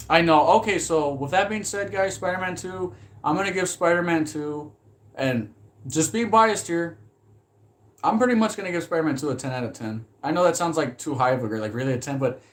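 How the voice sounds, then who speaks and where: Rambling, excitable male streamer. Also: a little high, fairly quick. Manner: rambling, heavy use of "like", swears when excited. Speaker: streamer reviewing films. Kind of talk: casual live-stream chat.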